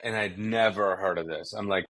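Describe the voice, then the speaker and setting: A man from Kuwait speaks in a very low, deep register. He recounts his story conversationally as a pastor guest, acting out what people said and stumbling over restarts as he goes. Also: steady tone, moderate pace, fairly bright tone. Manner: vivid storytelling with acted-out quotes and frequent restarts.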